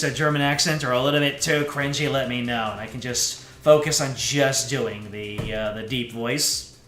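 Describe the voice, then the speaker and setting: A man's voice: on the high side, a bit bright. A man streaming a game, talking casually and self-deprecatingly with some restarts. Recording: echoey room with faint music.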